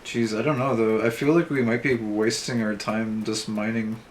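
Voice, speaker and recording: A man's voice: fairly low pitch, flat delivery, normal speed, slight background noise. Dry, sarcastic man streaming a game. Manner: dry, self-described heavily sarcastic, thinks aloud. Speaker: streamer playing an online game. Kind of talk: casual let's-play commentary, reading game text aloud. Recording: faint game music underneath.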